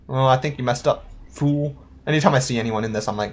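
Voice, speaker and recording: A young adult playing a game and chatting casually, thinking aloud, questioning themselves and laughing now and then. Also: mid-range voice. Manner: playful, quick to laugh. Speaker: let's-play gamer. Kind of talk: casual gameplay commentary.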